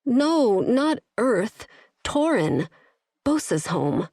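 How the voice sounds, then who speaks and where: A woman's voice: on the high side, very animated, extremely slow, a little mellow, no echo, pitched above the performer's own voice, full character voice. A woman doing a frightened, pleading young woman. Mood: desperate. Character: frightened young human woman stranded in space.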